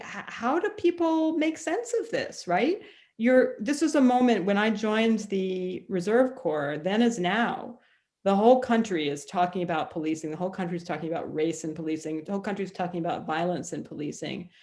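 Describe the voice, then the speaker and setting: A woman's voice: medium pitch, moderate pace, a little mellow. A middle-aged woman author speaking as a guest on a video call, telling stories in a chatty way with many ums and restarts. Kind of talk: conversational storytelling.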